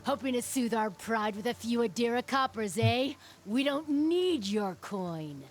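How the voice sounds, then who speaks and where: A man's voice: extremely high pitch, animated, unhurried, soft background music, pitched above the performer's own voice, heavily acted. A man putting on the voice of a sullen, proud local villager who speaks in a scornful, clipped way.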